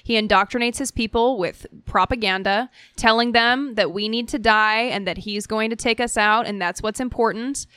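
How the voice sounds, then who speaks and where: A woman's voice: on the high side, normal speed, hardly any pauses, fairly bright tone, smooth, dry recording, clean studio sound. A woman co-hosting a political podcast, giving blunt, wry commentary. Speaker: podcast co-host. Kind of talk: casual political chat.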